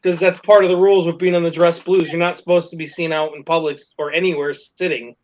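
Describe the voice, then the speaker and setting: A man's voice: on the high side, level tone, fast talker. A man telling a story casually to friends, laughing, swearing and acting out the quotes. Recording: dull lo-fi recording with faint noise.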